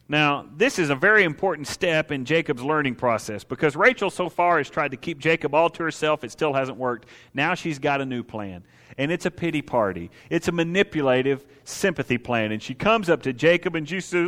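Conversational preacher with long hall reverb. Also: male voice, fairly high pitch, lively intonation, a bit bright. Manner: conversational, with rhetorical questions and dry humor; emphatic, slowing down on key points. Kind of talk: sermon.

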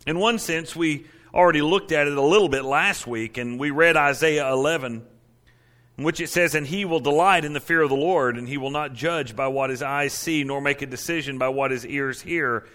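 A middle-aged man preaching a sermon as pastor, emphatic and slowing down to stress key words. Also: on the high side, sharp tone.

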